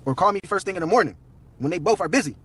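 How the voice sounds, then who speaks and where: A young man tells a story on a live stream, fast and loose with slang and swearing. His voice sits high and a little husky. He plays every person's lines himself as he goes. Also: animated, a bit bright. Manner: slangy, profane, quoting everyone in turn.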